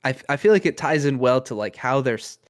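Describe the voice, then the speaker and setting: A young man co-hosting a podcast thinks aloud in casual chat, his medium-pitched voice animated and quick. He's thoughtful but leans on lots of fillers and restarts.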